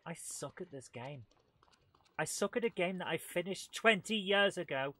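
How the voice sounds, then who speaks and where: A man's voice: high voice, expressive, normal speed, fairly bright tone. A man streaming a video game live, chatting with viewers in a casual, self-mocking way. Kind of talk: live let's-play commentary. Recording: game sounds noisy underneath. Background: game engine and vehicle noise.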